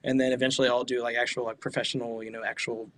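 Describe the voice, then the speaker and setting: A man's voice: medium pitch, little pitch movement, a bit bright, slight background noise. A young man, a musician guest, chatting casually and laughing often. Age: young adult. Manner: eager, quick, laughs often. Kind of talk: casual chat.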